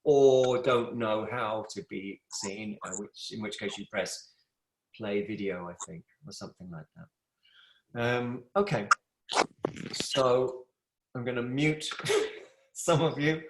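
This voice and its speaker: Middle-aged yoga teacher, chatty and affectionate, mid-pitched, roomy home room sound on a video call. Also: male voice, slow pace, a little hiss or hum. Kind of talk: live online yoga class. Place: room at home with a wood stove.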